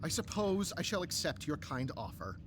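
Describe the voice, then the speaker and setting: A weary veteran adventurer, played by a voice actor for a game, talking in a dry, sighing way. The pitch moves a lot from line to line, and faint music sits underneath. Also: big pitch swings, normal speed, lightly acted. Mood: resigned. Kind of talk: game voice acting.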